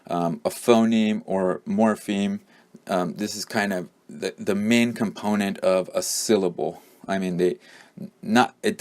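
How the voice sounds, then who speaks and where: A man's voice: on the low side, a little mellow. A man teaching a pronunciation lesson, explaining patiently with many fillers. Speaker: English teacher.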